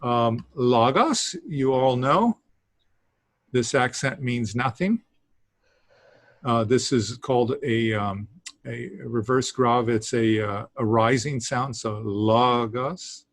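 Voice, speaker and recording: Slow, halting man teaching a class. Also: mid-range voice, no room sound. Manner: halting, with many fillers and small laughs. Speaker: Greek teacher. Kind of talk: classroom lesson.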